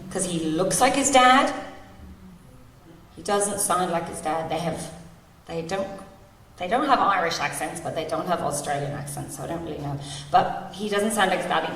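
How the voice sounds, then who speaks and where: A woman in her forties gives a personal share at a recovery meeting held in a big convention hall, candidly and wryly laughing through painful memories. Her voice sits on the low side, and the distant, echoey recording carries a little hiss or hum.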